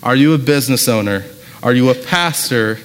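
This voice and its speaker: A pastor preaches a sermon in a church sanctuary, his mid-range male voice moving at a normal speed. He talks casually, telling stories in a conversational way packed with fillers. Long hall reverb fills the recording.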